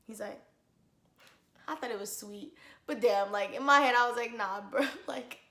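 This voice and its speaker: A young woman vlogger telling a story in casual chat, animated and dramatic, laughing often. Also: a little high, a little slow, roomy sound.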